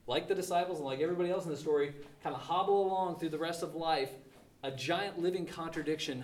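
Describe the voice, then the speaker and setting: A man's voice: on the high side, darkish tone, echoey room, distant mic. A male pastor preaching a sermon in an emphatic, conversational way, full of rhetorical questions.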